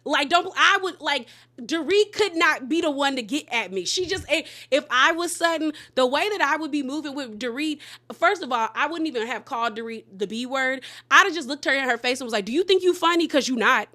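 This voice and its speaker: A woman recaps reality TV gossip in a loose, animated way, full of slang and sassy asides. Her voice sits a little high and rings bright and forceful. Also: fairly quick. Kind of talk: casual gossip recap commentary.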